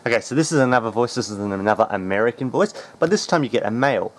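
A man hosting a casual tech how-to, talking in a relaxed, chatty way with plenty of ums. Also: mid-range voice, racing. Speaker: tech tutorial host.

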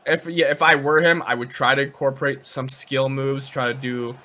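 Canadian male co-caster, bright tone, relaxed analytical game commentary. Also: mid-range voice, normal speed. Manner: relaxed, agreeable, analytical about play. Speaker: esports commentator.

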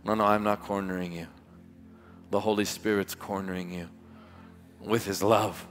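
A man preaching a revival sermon as pastor, impassioned and emphatic, stretching key words slowly for weight, recorded live in a large church. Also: lowish voice, level tone, faint music behind. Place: large church hall with music behind. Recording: live church hall reverb.

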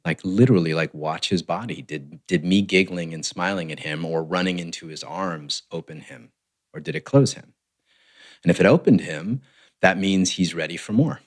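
A man, a relationship coach, explaining in a measured way on a podcast and often checking in with "right?". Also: sits low. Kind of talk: conversational podcast interview.

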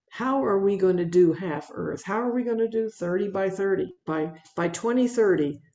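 A woman giving a public wildlife talk, narrating her photos in a conversational, animated way with fillers and repeated words. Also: medium pitch, vocal fry, echoey room. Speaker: wildlife speaker presenting slides.

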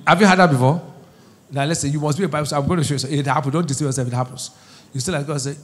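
Brief: middle-aged male pastor, high voice, call-and-response sermon, soft asides to shouts. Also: rapid-fire.

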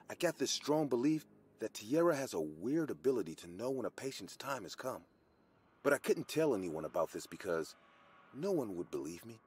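A man's voice: on the low side, breathy edge. A man giving dramatic, first-person scripted horror narration.

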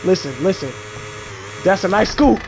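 A man commentating live on his gameplay, trash-talking in slang and bursting into shouts. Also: high-pitched, expressive, moderate pace, gravelly.

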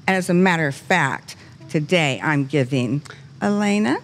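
Animated older woman hosting a faith show. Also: low voice, a little slow, slight background noise. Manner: animated, gushing storyteller; earnest preaching cadence. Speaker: talk show host. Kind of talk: faith talk show fundraising appeal.

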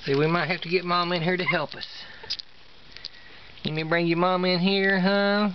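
A man's voice: high voice, level tone, normal speed. Sing-song Southern man cooing at puppies. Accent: East Tennessee Southern. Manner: sing-song, coaxing, repeats himself. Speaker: dog breeder. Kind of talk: baby talk to puppies while filming. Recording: dull lo-fi home video with clear background noise.

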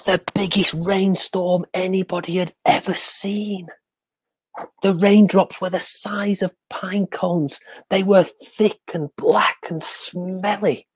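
Slow, whispery storyteller. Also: mid-range voice, steady tone, background noise. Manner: dramatic, dropping to hushed whispers for suspense; slow, drawn-out repetition for effect. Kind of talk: livestreamed storytelling for children.

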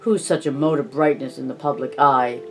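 A man narrating a classic novel as an audiobook in a measured storytelling way. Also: medium pitch, fairly even intonation, faint music behind, rough recording. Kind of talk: scripted narration.

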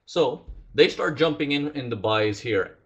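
A man's voice: medium pitch, lively intonation, a little slow, lo-fi sound. A man teaching a live trading lesson, asking his audience questions and acting out traders' inner thoughts. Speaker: trading instructor.

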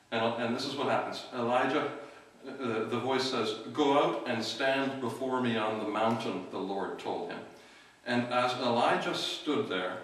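A middle-aged man, the outreach worker of a church, introduces the evening's speaker in a relaxed, halting talk full of fillers and restarts. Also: mid-range voice. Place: church hall. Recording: distant mic in an echoey hall.

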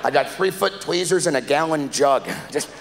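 A man's voice: fairly high pitch, moderate pace, gravelly, a little hiss or hum. A man performing a live stand-up comedy set, telling rambling, exasperated stories. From Canada. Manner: rambling, exasperated storytelling with acted-out voices. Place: comedy club stage before a live audience. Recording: live club recording with long hall reverb.

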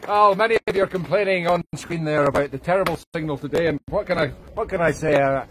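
A man's voice: a little high, quick pace, a bit bright, a little hiss or hum, natural voice. A man putting on a cheeky cockney market trader, chatting in salesman patter with jokey asides at an outdoor yard sale, filmed on a phone. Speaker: guest host. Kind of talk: live-streamed comic character sketch. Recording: distorted phone audio, crowd outdoors.

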